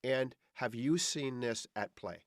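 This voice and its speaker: A man's voice: mid-range voice, slow pace, no room sound, clean studio sound. A man hosting a podcast interview, chatty and rambling as he works through a question with many restarts. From Canada. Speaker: podcast host.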